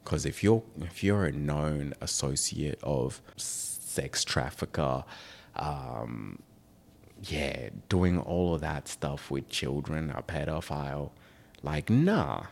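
A man's voice: extremely low pitch, animated, takes it slowly, vocal fry, a little mellow. A young man hosting a podcast, chatting casually in a rambling, joking, offhand way. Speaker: podcast host. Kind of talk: casual chat.

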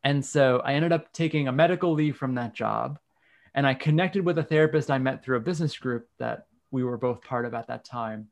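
A man's voice: mid-range voice, fairly quick, creaky. A man, candidly telling a personal story in casual conversation. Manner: candid, frank, occasional swearing. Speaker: guest.

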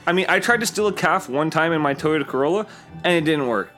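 A man's voice: fairly high pitch, expressive, fast, fairly bright tone, soft background music. A man co-hosting a casual podcast, arguing his points with profane banter. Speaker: podcast co-host.

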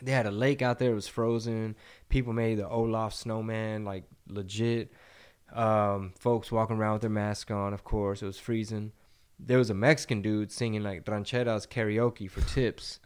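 A man's voice: fairly low pitch, little pitch movement, normal speed, clean tone. A young man from Texas co-hosting a podcast, telling stories in a loose, casual way. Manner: laid-back storyteller, acts out voices in anecdotes. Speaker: podcast co-host and comedian.

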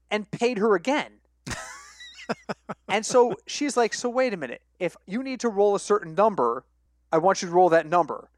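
A young man co-hosting a casual sports betting podcast, telling stories with lively acted-out quotes and frequent laughter. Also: high voice, normal speed, no echo, clean studio sound. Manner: animated storyteller, acts out quoted voices, laughs often. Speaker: podcast co-host.

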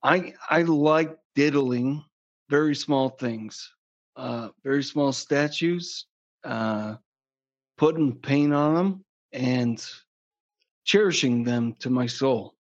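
Guy rambling casual podcast chat, slow and crude, muffled sound. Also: mid-range voice. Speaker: podcast guest. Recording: dull lo-fi sound.

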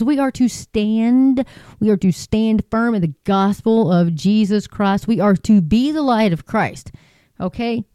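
Woman podcast host, casual and rambling, smooth mellow voice, dry close recording. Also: mid-range voice, dry recording. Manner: rambling, chatty, frequent restarts and asides, laughs often. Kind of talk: casual solo podcast commentary. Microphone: podcasting microphone.

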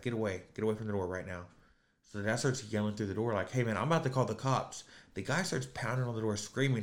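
A man hosting a podcast with a low voice, telling a long story in loose, rambling chat. He swears freely and leans on fillers and restarts. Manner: rambling, crude, lots of fillers. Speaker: podcast host.

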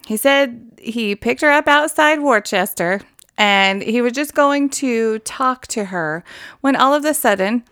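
A woman's voice: a little high, expressive, unhurried, fairly bright tone, clear, resonant tone, no echo. A woman co-hosting a casual true-crime podcast, adding dry jokes and asides. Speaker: podcast co-host.

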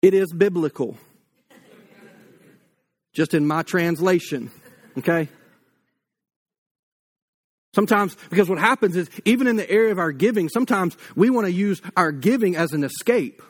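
A man's voice: sits high, expressive, moderate pace, pauses often, breathy edge. A man preaching a blunt, conversational sermon with humor, likely in his thirties, acting out quoted voices along the way. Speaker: pastor.

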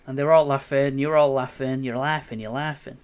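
A young man telling a story in casual chat, animated, sweary and self-mocking. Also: medium pitch, a little fast, smooth. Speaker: podcast co-host.

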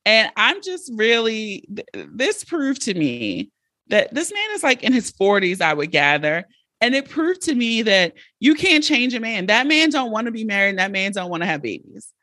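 A woman hosts her own podcast and talks alone into a close mic. She is blunt and animated and swears freely. The sound is dry, with no room around it. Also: a little high, moderate pace, dry recording. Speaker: podcast host. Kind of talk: solo podcast monologue.

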